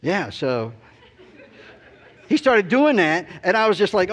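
Middle-aged man, fairly high voice, preacher, rambling anecdote, self-deprecating, filler-heavy. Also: very animated, normal speed, pauses often, fairly bright tone, slightly rough. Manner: rambling, self-deprecating, full of "you know". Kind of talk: storytelling sermon.

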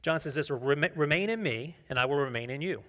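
A man's voice: a little high, animated, brisk, bright, forceful tone. A man preaching a sermon as pastor, conversational, often asking the congregation questions. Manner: tells personal anecdotes, acts out dialogue.

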